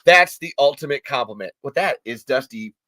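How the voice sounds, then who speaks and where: A man's voice: medium pitch, animated, normal speed, pushed and bright. A young man hosting a casual podcast chat, playful and goofy, swearing freely and breaking into silly bits. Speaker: podcast host.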